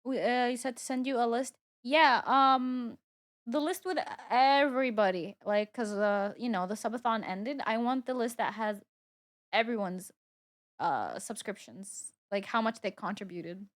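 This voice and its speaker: A woman's voice: a little high, a little slow. A young woman streaming live, chatting casually as she works and playfully scolding her cat. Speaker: VTuber streamer. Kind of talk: casual livestream chat.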